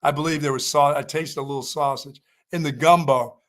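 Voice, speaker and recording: A man's voice: fairly high pitch, steady tone, brisk, fairly bright tone. Joking man co-hosting sports talk. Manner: joking storyteller, laughs at himself. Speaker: sports radio co-host. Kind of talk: casual chat.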